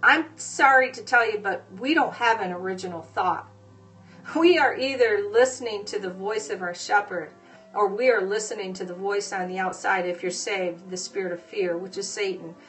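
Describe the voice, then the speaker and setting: A woman preaching a sermon, hesitating with fillers at times and then pressing her points with forceful repetition. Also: medium pitch, moderate pace, far from the mic, faint music behind. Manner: emphatic, repeating phrases with rising force.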